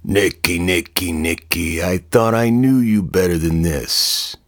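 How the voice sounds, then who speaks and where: A man voicing a burly, bullying man with a gruff, taunting way of talking. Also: deep voice, slow, no room sound, clean studio sound.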